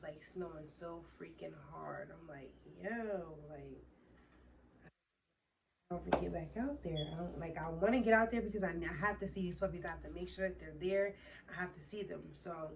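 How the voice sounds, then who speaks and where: Profane, rambling young woman storyteller. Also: fairly low pitch. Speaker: storytime vlogger. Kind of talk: casual storytime. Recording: distant mic with faint room noise.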